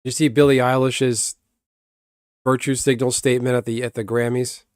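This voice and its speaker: Brief: young male streamer at home, rambling and blunt, dry close sound, mid pitch. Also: level tone, normal speed, no echo. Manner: rambling, blunt, swears casually. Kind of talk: casual stream chatter.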